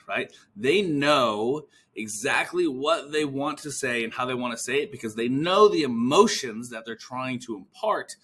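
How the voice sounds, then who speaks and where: Casual male podcast host, bright tone, animated, acts out calls. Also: medium pitch. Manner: animated, acts out phone calls in quick voices; casual, swears now and then. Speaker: podcast host, physical therapist coach. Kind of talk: casual coaching talk.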